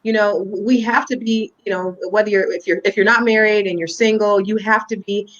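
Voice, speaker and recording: A woman's voice: medium pitch, steady tone, fairly quick, fairly bright tone. A woman hosting an interview, encouraging and affirming her guest in an almost preacher-like way. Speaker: interview host. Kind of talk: conversational interview. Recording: dull lo-fi audio.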